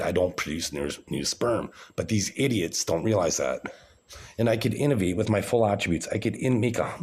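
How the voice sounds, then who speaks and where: A man's voice: sits low, darkish tone. A man talking to camera in a rambling, grandiose vlog monologue, with frequent restarts and repeated words.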